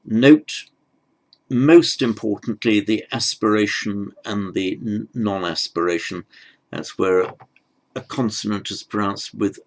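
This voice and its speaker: A man's voice: lowish voice, slow pace, low-quality recording. A man teaching a pronunciation lesson, patiently demonstrating each sound and repeating it.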